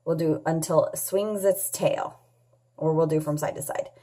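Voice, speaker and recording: A woman teaching a children's phonics lesson, sounding out letters and words clearly and patiently, asking questions and answering them herself. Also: low-pitched, fairly even intonation, normal speed, dark tone. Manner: patient, asks and answers her own questions. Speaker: English teacher.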